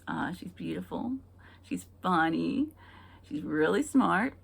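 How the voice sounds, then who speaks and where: Female stand-up comic, low raspy voice with fry, halting delivery with dry punchlines. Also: animated. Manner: hesitant, filler-heavy delivery with dry punchlines. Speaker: stand-up comedian. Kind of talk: stand-up comedy set.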